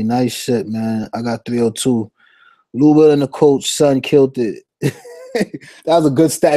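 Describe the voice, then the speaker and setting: A young man with a warm, mellow voice and a slangy, animated way of talking, chatting casually on a fantasy sports stream. His voice sits close and dry, with little room sound around it. He keeps giving shout-outs as he reads the chat. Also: mid-range voice, dry recording.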